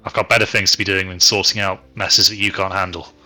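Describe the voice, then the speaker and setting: A brisk, dismissive bank manager, a tall woman who looks down on her staff, voiced by a man as the game master. The voice stays low and carries a bright, forceful edge. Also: little pitch movement, faint music behind, full character voice. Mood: curt. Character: stern tall female bank manager, curt.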